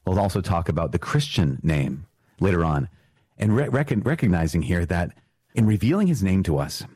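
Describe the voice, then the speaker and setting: Deep, dark-voiced priest teaching casually. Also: male voice, sing-song, moderate pace, husky, no echo. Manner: earnest, casual, restarts and self-corrects, chuckles at himself. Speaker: priest and podcast host. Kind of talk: conversational catechism teaching with prayer.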